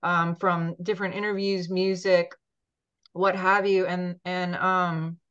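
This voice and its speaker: A female podcast host chats casually over a video call, gushing and talkative with many ums. Her voice is fairly low, a bit bright, and smooth, slow with little pitch movement, in dull lo-fi sound.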